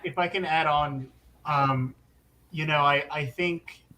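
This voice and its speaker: A man's voice: a little high, fairly even intonation, slow, sharp tone, rough recording. A man co-hosting a movie talk show, earnest and hesitant in casual chat. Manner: earnest, hesitant, many fillers. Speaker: podcast co-host.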